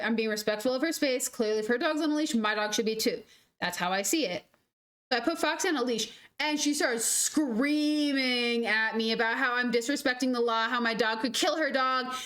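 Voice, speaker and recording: Young woman streamer, slightly high-pitched, rambles through anecdotes in casual, animated chat. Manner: rambling, animated storytelling full of "like". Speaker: gaming streamer. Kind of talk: casual chat while gaming.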